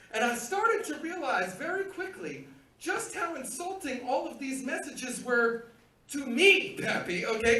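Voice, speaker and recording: A middle-aged man doing a live stand-up set on a club stage, with loud, rowdy crowd work and squealing high put-on voices. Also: slight background noise. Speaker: stand-up comedian. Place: comedy club theater stage. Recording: roomy live theater sound from a distance.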